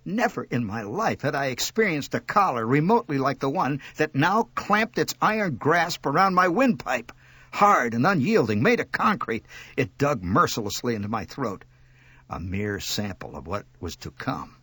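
A man reading a humorous story with wry, expressive narration. His pitch swings widely and his voice has a husky grain. The sound is dry and close to the mic. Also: normal speed, no room sound. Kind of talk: scripted narration.

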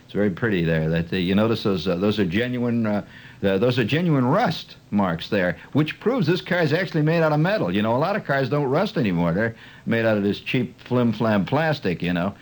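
A man telling a rambling, mocking stand-up story in an animated way. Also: on the low side, a little fast. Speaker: comedian.

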